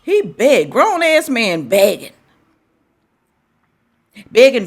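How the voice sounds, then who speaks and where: Speaking at normal speed in a medium-pitched, very animated voice, a woman offers reaction commentary as a video host. Her style is to scold and lecture, hammering points home through repetition.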